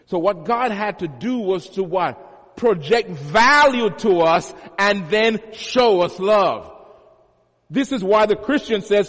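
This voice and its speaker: A man's voice: high-pitched, lively intonation, slow pace, a bit bright. A male pastor preaching a sermon, teaching with emphatic repetition and homely everyday examples. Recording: long hall reverb.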